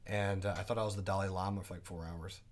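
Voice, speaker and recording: A man teaching a live day trading class, chatting casually, asking his viewers quick questions and reading out their comments. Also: low voice, little pitch movement. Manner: asks quick questions to the audience.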